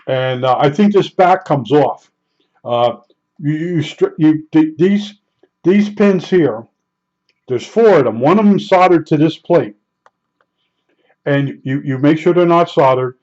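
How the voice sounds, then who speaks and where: An older man telling a casual, halting workshop story, often restarting and searching for words as he recalls details. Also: a little high, darkish tone, dull audio. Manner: halting, many restarts and fillers while recalling. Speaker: hobbyist repairing old electronics.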